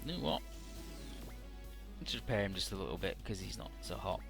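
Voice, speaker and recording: A man's voice: sits low, expressive, brisk, vocal fry, over music. A young man casually recapping a game's story, swearing and sarcastic as he plays. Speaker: let's play host. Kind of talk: casual game commentary.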